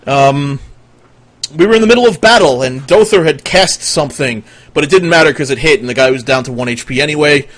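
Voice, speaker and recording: A young man running a tabletop game as game master over voice chat, relaxed and quick to laugh. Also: fairly high pitch. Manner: relaxed, laughs easily, swears casually.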